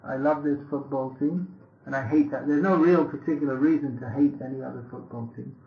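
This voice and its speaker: A man's voice: mid-range voice, steady tone, a little fast, vocal fry. A man from England, giving a wry, conversational sermon on scripture with many restarts and asides. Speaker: lecturer on scripture. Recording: lo-fi echoey room recording.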